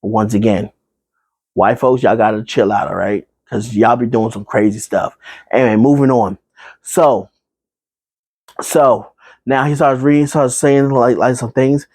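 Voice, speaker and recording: A man's voice: medium pitch, fairly even intonation, a little mellow, breathy edge, no room sound. A man casually recapping a horror movie, rambling with fillers and asides, now and then acting out the characters. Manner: acts out characters in quick put-on voices.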